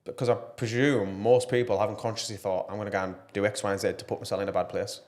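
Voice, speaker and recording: A man's voice: fairly low pitch, flat delivery, fast, a little mellow. A man talking earnestly and passionately as a podcast guest, with plenty of fillers. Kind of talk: casual podcast interview.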